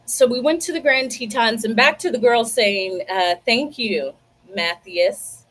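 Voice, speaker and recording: A woman hosts a livestream and chats with her viewers in a casual, lively storytelling way. Her voice sits a little higher than most women's. She takes her time, talking at an unhurried pace. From United States. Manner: chatty, animated storytelling, talks to viewers directly. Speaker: livestream host. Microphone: computer mic, livestream.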